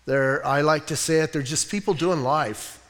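A man's voice: fairly high pitch, moderate pace, fairly bright tone, big-room sound. A middle-aged man preaching a casual, conversational sermon as pastor, folksy, with many fillers and restarts. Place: church sanctuary.

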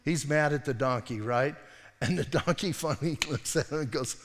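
A man preaching in a fairly high voice, telling the story in a lively, slangy way with many asides. His voice rings out with a long hall reverb. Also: normal speed. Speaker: pastor. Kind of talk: sermon.

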